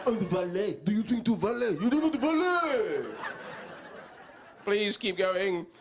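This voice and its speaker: A man's voice: high voice, animated, measured pace, noisy background, pitched above the performer's own voice. A man voicing a sulky, indignant talking car that scolds its owner.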